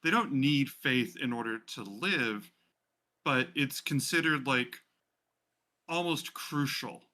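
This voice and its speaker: Dude doing a calm lady explaining gods, slow and careful, bright tone. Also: medium pitch. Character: female companion explaining lore, patient. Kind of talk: tabletop game role-play.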